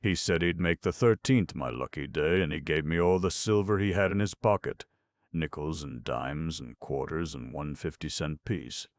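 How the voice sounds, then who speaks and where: A man's voice: extremely low pitch, moderate pace, clean studio sound. A man reading the part of a young hotel hall boy, giving blunt, matter-of-fact answers. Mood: plain.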